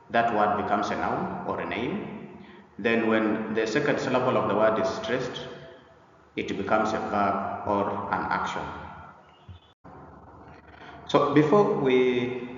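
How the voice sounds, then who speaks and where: A man presenting an English pronunciation lesson in a deliberate lecture style, often repeating himself and pausing on "uh". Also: on the low side, a little hiss or hum. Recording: echoey, dull recording from a distance.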